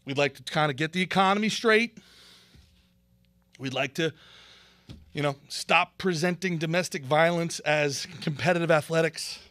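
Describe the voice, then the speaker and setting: A male host delivers political commentary in a sarcastic, animated rant. His voice sits a bit high and has a bright, sharp edge. The recording is dry and close, with no room sound. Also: moderate pace, pauses often, no echo. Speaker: show host.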